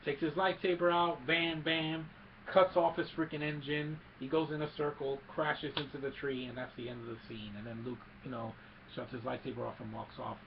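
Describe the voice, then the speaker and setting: A man excitedly recapping a movie scene by scene, mixing in sound effects and quick character quotes. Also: medium pitch, creaky, muffled recording, noisy background. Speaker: movie reviewer.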